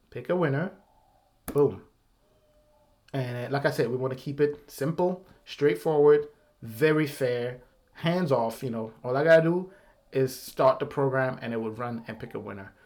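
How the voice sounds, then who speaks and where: A man's voice: mid-range voice, a little mellow. A man hosting his own channel's giveaway vlog, talking casually in a rambling, apologetic way with nervous laughs. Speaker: YouTube channel host.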